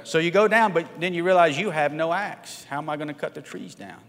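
A man's voice: fairly high pitch, a little fast, vocal fry, fairly bright tone, big-room sound. A man preaching a midweek sermon to his congregation, conversational, often checking in with "right?" and asking for a show of hands. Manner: conversational, asks the congregation questions, frequent "right?" tags. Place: church sanctuary.

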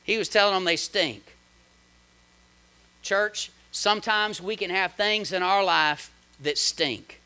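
A man preaches a sermon in a high, bright voice that is clear and smooth. He reads scripture aloud, then comments on it, rising to loud, high emphasis and dropping into quiet, low asides. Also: slow. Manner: dramatic preaching with big swings in loudness and pitch. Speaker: pastor.

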